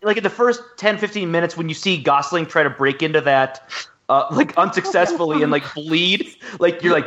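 A man co-hosting a podcast speaks in a somewhat high voice. He fills his talk with "like" and "um". The sound comes over a dull, lo-fi remote line. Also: moderate pace, a bit bright. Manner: filler-heavy, with many "like"s. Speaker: podcast co-host. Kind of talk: casual chat.

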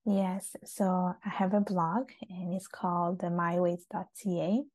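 A woman's voice: fairly low pitch, little pitch movement, a little slow, darkish tone, no echo. A young adult woman raised in Italy, a guest in a casual interview, chatty and full of restarts.

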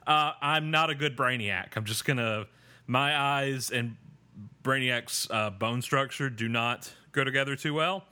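A man's voice: mid-range voice, measured pace, bright, forceful tone. A man hosting a podcast, recapping a TV episode in a rambling, self-deprecating way. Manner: rambling, self-deprecating, with many fillers and restarts. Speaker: podcast host. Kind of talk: casual episode recap chat.

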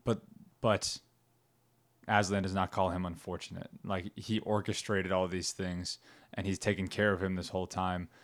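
Guy w a low steady voice, casual reflective faith chat. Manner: reflective, reads quotes aloud.

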